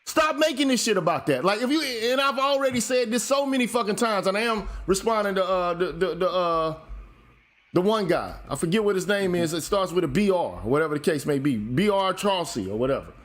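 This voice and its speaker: A man's unusually high voice carries a lively, rising-and-falling delivery. He lectures in an emphatic, heated monologue, swearing freely as he hosts. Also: brisk. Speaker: show host.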